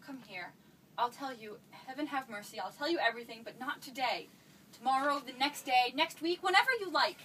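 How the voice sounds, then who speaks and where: Performing a stage-play role, an actress voices a flustered mother, anxious and evasive, fretfully pleading as she dodges her teenage daughter's questions. She speaks a little fast in a high, slightly bright voice, captured by a distant mic with faint noise.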